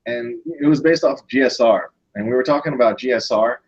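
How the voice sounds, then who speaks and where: A man hosting a casual video call, talking through his points with restarts and pauses. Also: mid-range voice, slightly rough, muffled recording. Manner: thinks aloud with restarts. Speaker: host. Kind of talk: casual chat.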